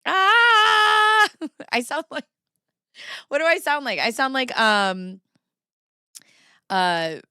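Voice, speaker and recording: A woman's voice: a little high, big pitch swings, takes it slowly, long pauses, pushed and bright, clean tone, no room sound, studio quality. A woman hosting a livestream, chatting with viewers and reading legal documents aloud, giggly and chatty. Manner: giggly, chatty, talks to chat. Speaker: livestream host.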